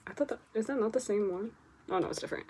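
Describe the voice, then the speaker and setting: A young woman casually chatting through an unboxing, excitable and chatty, gasping and swearing at cute finds. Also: on the high side, very fast. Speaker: vlogger unboxing K-pop merchandise. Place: bedroom with posters. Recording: home recording with audible background noise.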